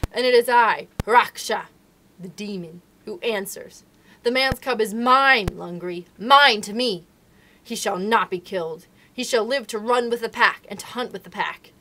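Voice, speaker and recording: A woman voicing a fierce, protective mother wolf who speaks in loud, archaic declarations in a storybook reading. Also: mid-range voice, steady tone, unhurried, few pauses, slight background noise, close to an everyday voice.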